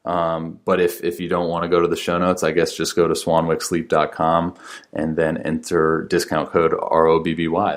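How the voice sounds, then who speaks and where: A man hosting a podcast in casual chat, upbeat and full of fillers like "um" and "like". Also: sits low. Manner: filler-heavy, with many likes and ums. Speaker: podcast host.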